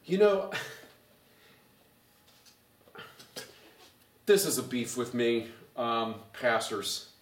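A male pastor teaching a Bible study in an animated, sarcastic way, growing loud when he gets excited. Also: mid-range voice, extremely slow, long pauses, a little hiss or hum. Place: church. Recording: echoey room, mic far off.

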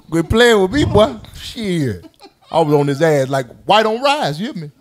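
A man telling a story in casual talk, laughing and acting out voices and sound effects. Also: high-pitched. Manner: animated, laughing, acts out quotes and sound effects. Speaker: podcast guest telling a story. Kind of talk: casual storytelling among friends.

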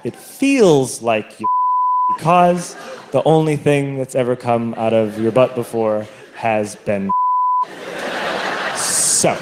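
A man doing a stand-up comedy set, telling stories in an animated way and acting out other people's voices, recorded live on stage. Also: mid-range voice, slow pace, long pauses. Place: comedy stage with a laughing audience. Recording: live show with audible audience noise.

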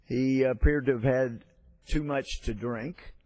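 A man's voice: medium pitch, steady tone, a little mellow, no room sound. A man giving a storytelling floor speech, hesitant with frequent fillers. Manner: storytelling, halting with fillers and restarts. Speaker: congressman.

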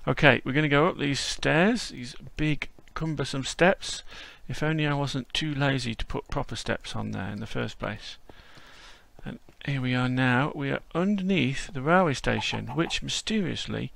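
Chatty man with a gravelly voice. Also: mid-range voice, normal speed, fairly bright tone, no echo. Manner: chatty and whimsical. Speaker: host. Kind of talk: casual walkthrough narration.

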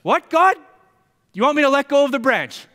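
A man voicing a panicked man dangling from a cliff branch, yelling and pleading in a raised, strained voice in an echoey hall. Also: very high voice, very animated, moderate pace, pitched above the performer's own voice, heavily acted. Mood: desperate.

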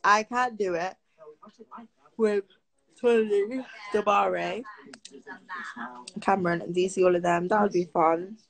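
A woman's voice: medium pitch, fairly even intonation, measured pace, gravelly, pauses often, low-quality recording. A teenage girl from Britain, chatting casually on a live stream and answering viewer comments aloud.

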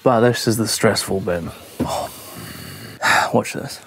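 A man's voice: on the low side, slow pace, creaky, a bit bright, slight background noise. A young man vlogging his van build to camera, chatty and self-mocking, inside the van. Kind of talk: casual to-camera vlog. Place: inside a van being built.

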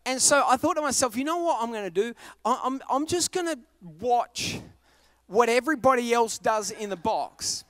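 High-voiced Australian man preaching. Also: moderate pace, dry recording. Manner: animated, self-mocking, acts out scenes with sudden shouts. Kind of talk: humorous sermon storytelling.

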